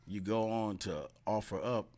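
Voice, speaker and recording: A man's voice: lowish voice, a little slow, darkish tone. A man co-hosting a talk radio show in a laid-back, easygoing manner. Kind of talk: casual talk radio banter.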